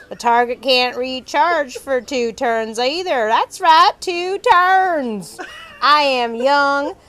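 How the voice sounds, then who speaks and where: A woman's voice: on the high side, a bit bright. A woman voicing a young, cocky male agent hero in a put-on Southern US accent, bragging and repeating herself for emphasis.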